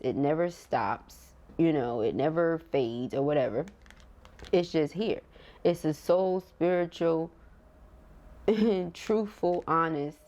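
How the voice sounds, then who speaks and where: Woman, low-pitched voice, tarot reader, casual and chatty, talks straight to viewers. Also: warm tone. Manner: chatty, emotional, laughs often, talks directly to viewers. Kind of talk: casual tarot reading to camera.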